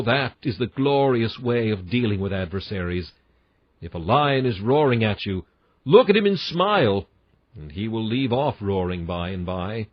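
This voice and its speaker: A man's voice: on the low side, no echo, dull audio. A man reading a classic sermon aloud in an emphatic, earnest preaching cadence. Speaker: sermon reader.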